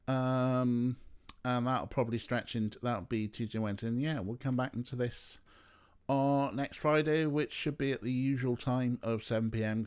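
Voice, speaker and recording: A man's voice: mid-range voice, darkish tone. A young man chatting casually while streaming a game, rambling with playful asides. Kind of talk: casual let's play chat.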